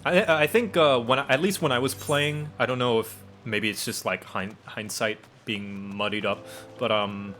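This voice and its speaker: A man chatting casually on a live stream while playing a game, relaxed and rambling, trailing off with ums. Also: medium pitch, moderate pace, hardly any pauses, soft background music. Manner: relaxed, rambling, hesitant with fillers.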